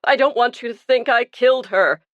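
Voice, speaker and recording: A woman's voice: fairly high pitch, moderate pace, no echo, lo-fi sound, pitched above the performer's own voice, close to an everyday voice. A woman reading the part of a guilt-ridden, burly male pastor who confesses earnestly and pleads for himself. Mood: pleading.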